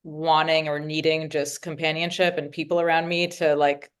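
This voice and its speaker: A woman's voice: low voice, little pitch movement, moderate pace, clear, resonant tone. A woman interview guest speaking reflectively and openly about her feelings in conversation. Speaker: guest, nonprofit CEO.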